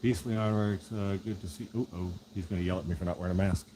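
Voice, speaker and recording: Low-voiced man chatting at his workbench. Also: fast, background noise. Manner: relaxed, rambling asides to live chat. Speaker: knife maker. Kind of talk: casual chat while working.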